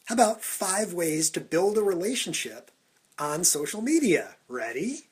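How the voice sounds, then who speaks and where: A man vlogging for social media, talking in an energetic, punchy countdown style into a phone held at arm's length. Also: high voice, measured pace, breathy edge. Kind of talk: upbeat Snapchat vlog talk.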